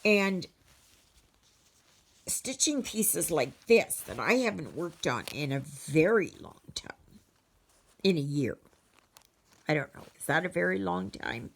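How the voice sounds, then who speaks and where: A woman's voice: fairly low pitch, very animated, slow pace, creaky, long pauses. A Canadian woman chatting casually to her viewers as a cross-stitch vlogger, rambling and storytelling with many fillers.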